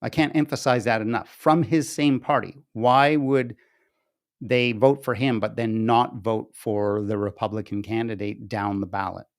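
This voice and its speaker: A man's voice: fairly low pitch, steady tone, moderate pace. A man commenting on charts he shows on screen, rambling and restarting, then turning emphatic and incredulous. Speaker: political commentary host. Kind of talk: casual screen-share commentary.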